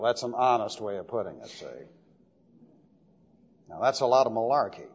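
A man's voice: mid-range voice, lively intonation, moderate pace, a little mellow, slightly rough. A male pastor giving an expository sermon, emphatic and methodical, repeating key terms as he explains them step by step. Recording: dull lo-fi recording with long hall reverb.

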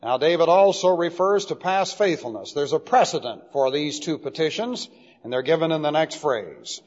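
High-voiced man preaching in an echoing hall. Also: expressive, normal speed. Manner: emphatic, repeats key terms, explains step by step. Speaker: pastor. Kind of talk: expository sermon teaching. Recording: dull lo-fi recording with long hall reverb.

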